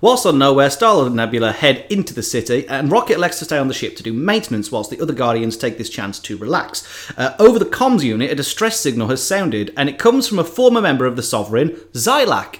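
A man in casual podcast chat, telling a film plot in an animated way with frequent asides. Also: medium pitch, fast.

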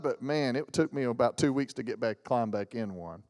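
Unhurried and mid-range, this man's voice carries a long reverb tail through the church sanctuary. A Southerner in his 40s, he's a guest preacher whose animated sermon leans on jokes and mimicked characters.

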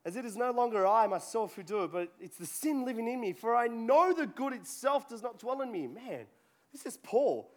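A man's voice: extremely high pitch, expressive, moderate pace. A man preaching a sermon to a congregation in a church, talking conversationally and joking with people in the room. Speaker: pastor. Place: church hall before a congregation.

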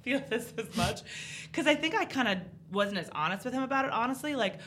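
A woman's voice: fairly high pitch, brisk, slight background noise. A woman in her thirties, a podcast guest, telling candid stories in casual chat. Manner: candid, animated storyteller.

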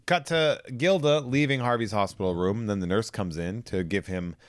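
Here a man with a low, slightly deep voice retells a plot on a podcast, loose and jokey, swearing as he goes. The sound is close and dry, with no room around it. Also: moderate pace, no room sound. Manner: loose, joking, swears freely, acts out lines. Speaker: podcast co-host. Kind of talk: casual comic plot recap.

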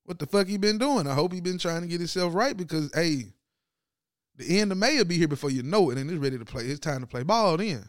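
Loose-talking man, smooth close voice. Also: expressive, quick pace, no room sound. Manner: loose slangy delivery, swings from loud to low and subdued. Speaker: podcast host. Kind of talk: casual sports talk monologue.

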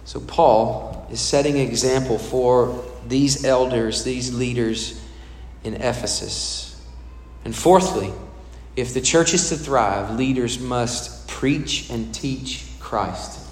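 A pastor preaching a sermon in a conversational way, putting questions to the congregation. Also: male voice, mid-range voice, takes it slowly, slight background noise. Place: church hall. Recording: echoey hall with long reverb.

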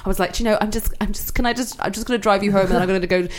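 A woman's voice: mid-range voice, steady tone, rapid-fire. A woman co-hosting a podcast, telling a rambling comic story and laughing as she goes. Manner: chatty, rambling, laughs while telling stories. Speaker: podcast co-host.

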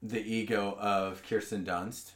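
A man's voice: lowish voice, little pitch movement, takes it slowly, a bit bright, reverberant. A man hosting a podcast in casual chat, ranting and mocking with plenty of swearing. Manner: profane, mocking rants. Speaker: podcast host. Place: podcast studio.

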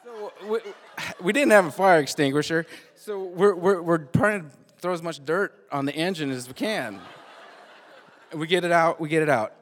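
A man's voice: fairly high pitch, normal speed. Man telling a rambling story, reverberant hall. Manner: animated, repeats and restarts words often. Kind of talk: live casual storytelling.

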